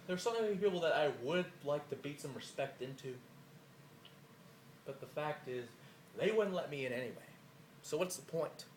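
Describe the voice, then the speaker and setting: A man with a somewhat high, slightly worn voice cuts a boastful, profane wrestling promo full of trash talk. The room is echoey with faint ambience, and there's a little hiss or hum.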